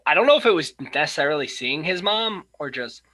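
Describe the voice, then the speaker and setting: Excitable podcast guy, kinda high bright voice, swears a lot. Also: brisk. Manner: excitable, laughs often, swears casually. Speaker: podcast co-host. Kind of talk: casual movie review chat.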